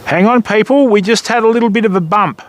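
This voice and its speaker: A man's voice: sits high, fast talker, a little hiss or hum. A middle-aged Australian man chatting casually to viewers on a livestream while fishing from a kayak on a river, calling people mate and bud.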